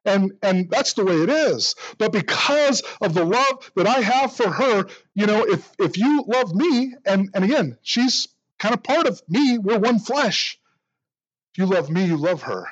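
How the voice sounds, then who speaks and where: A man's voice: sits high, animated, a little slow, breathy edge, dry recording, dull audio. A man preaching a sermon in an earnest way, often repeating the first word of a phrase. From United States. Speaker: pastor.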